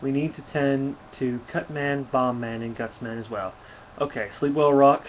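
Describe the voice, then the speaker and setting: A warm-hearted old robot scientist speaks with fatherly gentleness, as a man reads him from a comic. The recording is dull and lo-fi, with a faint hiss behind it. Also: medium pitch, fairly even intonation, normal speed, natural voice. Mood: soothing. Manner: read aloud from a comic, lightly voiced. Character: kind older male robot scientist, fatherly.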